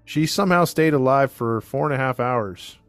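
A man's voice: medium pitch, normal speed, smooth, no echo, faint music behind. A man hosting a podcast, casually telling a true-crime story to his co-hosts, rambling with many fillers. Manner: rambling, filler-heavy, restarts often.

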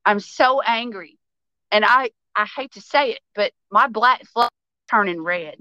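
A woman's voice: medium pitch, sharp tone, clean tone, no room sound, muffled recording. A woman guest on a podcast, ranting about politics with passion, full of swearing and raised intensity. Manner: passionate, profane, fast-flowing. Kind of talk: heated political rant.

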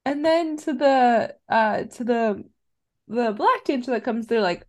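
A woman co-hosting a podcast, retelling a film's scenes in an animated, casual way with crude humor. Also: on the high side, measured pace. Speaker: podcast co-host. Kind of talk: casual chat, recapping a film.

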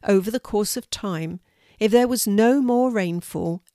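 A woman's voice: mid-range voice, measured pace, warm tone, no room sound, pitched above the performer's own voice, close to an everyday voice. A wise, patient female guide from a children's story, voiced by a woman reading aloud. She explains things steadily and kindly, like a teacher. The recording is dry and close. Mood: explaining.

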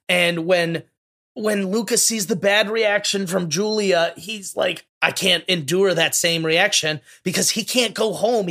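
High, bright, gushing man. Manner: effusive, emotional, gushing. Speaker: podcast co-host. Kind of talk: casual movie discussion.

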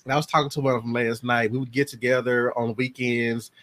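A man's voice: medium pitch, quick pace. A man in his forties, a podcast guest, telling stories in a casual chat and slipping into his family's voices. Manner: lively storyteller who acts out family members' voices.

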